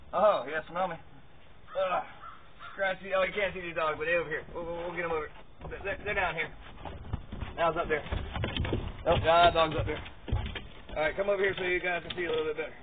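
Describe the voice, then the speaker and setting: A man giving rambling, casual commentary as he handles dogs in a pen outdoors, repeating words and grunting with effort. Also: a little high. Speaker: vlogger showing dog handling. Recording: tinny phone-like audio, faint noise.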